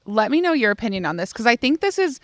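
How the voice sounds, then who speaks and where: A woman's voice: fairly high pitch, sing-song, fast talker, dry recording, clean studio sound. A woman in her late twenties co-hosting a podcast in casual chat, talking freely with lots of fillers and acting out what other people say. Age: 20s. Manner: chatty, many "like" fillers, acts out others' lines. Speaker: podcast co-host.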